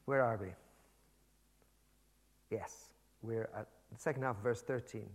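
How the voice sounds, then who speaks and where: A man's voice: on the low side, a little slow. Role: conversational male preacher. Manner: conversational, animated storytelling with restarts and asides. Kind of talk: sermon.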